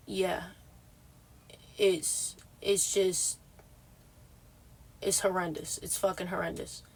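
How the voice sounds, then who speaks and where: Woman streamer, exhausted, blunt and profane, halting restarts, unhurried drawl. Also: mid-range voice. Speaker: livestreamer. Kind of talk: casual livestream chat.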